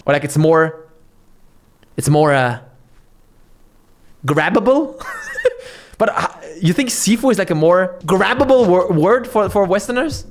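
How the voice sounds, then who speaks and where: A man ranting bluntly and swearing a lot as he reacts to a video, with frequent restarts. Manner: lively pitch swings, restarts. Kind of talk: profane reaction commentary.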